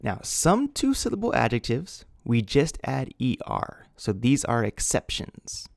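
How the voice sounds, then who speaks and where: A man's voice: medium pitch, huge pitch swings, a little slow, creaky, no echo, studio quality. A man teaching English grammar, patiently spelling out words letter by letter. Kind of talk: slow grammar lesson.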